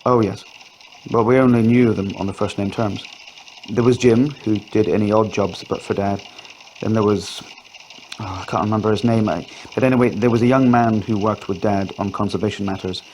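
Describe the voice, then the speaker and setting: A man's voice: lowish voice, steady tone, normal speed, darkish tone, a little hiss or hum, lightly acted. A man voicing a distressed grown woman who pleads through tears in a read-aloud audio story. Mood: recalling. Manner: pleading, voice raised.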